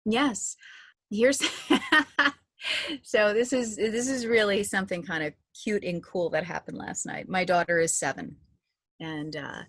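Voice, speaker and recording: A woman's voice: fairly low pitch, a bit bright, dry recording, studio quality. A woman in her thirties, an audio description narrator, telling stories in a chatty interview with many restarts. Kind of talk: casual interview talk.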